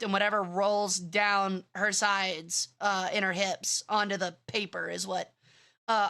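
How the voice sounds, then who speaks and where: A woman's voice: medium pitch, sharp tone, clear, resonant tone. A young woman streamer chatting casually and rambling, bratty in tone, swearing freely and using plenty of fillers. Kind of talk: casual live-stream chat.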